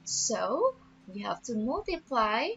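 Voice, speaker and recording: Lively woman teaching a math lesson. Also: a little high, vocal fry, a little hiss or hum. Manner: patient, repeats each step slowly. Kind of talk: explaining a math lesson step by step. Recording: dull lo-fi audio with faint music.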